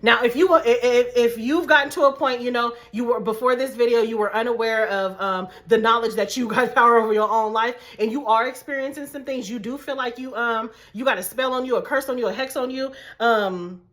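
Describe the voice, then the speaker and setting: A woman's voice: a little high, a little fast, few pauses, a bit bright. A woman life coach giving a casual, emphatic motivational talk to her viewers, repeating key points. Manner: casual slangy speech.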